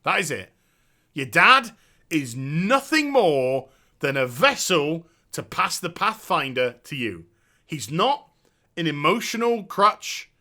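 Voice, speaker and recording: Male host, lively high voice with sharp edge, swearing and sarcastic rant. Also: takes it slowly. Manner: profane, sarcastic, exasperated. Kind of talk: ranting game review.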